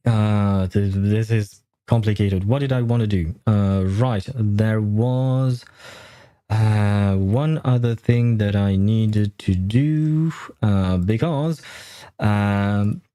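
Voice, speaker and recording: A man's voice: lowish voice, slow, mellow. Rambling man streamer with fillers. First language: not English. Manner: rambling, many fillers, self-correcting, laughing often. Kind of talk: casual live-stream chat. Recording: faint music behind. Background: faint game music.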